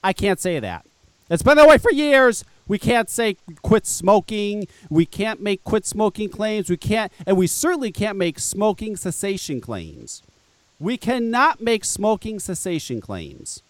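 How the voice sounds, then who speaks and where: A man's voice: high voice, big pitch swings, measured pace, dry recording. A man hosting a live podcast, ranting angrily and swearing as he mocks the people he talks about. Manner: angry, mocking, swears, laughs at critics. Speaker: podcast host. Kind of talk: profane ranting live show.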